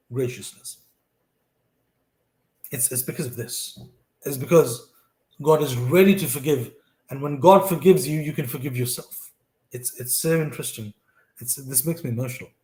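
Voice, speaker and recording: A man's voice: medium pitch, darkish tone, echoey room. A man reading scripture aloud and reflecting on it, earnest and thinking aloud with frequent restarts.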